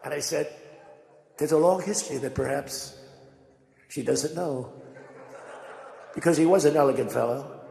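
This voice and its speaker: Older man, rambling speech, gravelly voice, big echoey hall. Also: a little high, moderate pace, pauses often. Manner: rambling, conversational, animated storytelling. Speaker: political speaker. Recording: echoey hall with long reverb.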